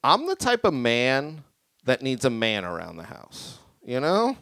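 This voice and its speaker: A young man doing a stand-up set in a small venue, rambling and deadpan, a bit tipsy. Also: mid-range voice, a little slow, gravelly, no room sound. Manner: deadpan, rambling, self-deprecating. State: tipsy from drinking. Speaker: stand-up comic. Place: small creative community venue with live audience.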